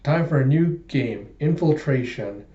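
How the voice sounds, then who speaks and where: A man's voice: medium pitch, expressive, unhurried, warm tone, roomy sound, dull audio, natural voice. A man voicing a sarcastic, scruffy grown man while reading a manga aloud. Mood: grudging. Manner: snarky, sarcastic.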